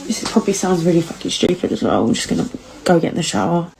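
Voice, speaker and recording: A woman's voice: fairly low pitch, lively intonation, fast, vocal fry, darkish tone, poor audio. A young British woman, tearful, confessing her loneliness to camera in a candid vlog, swearing freely.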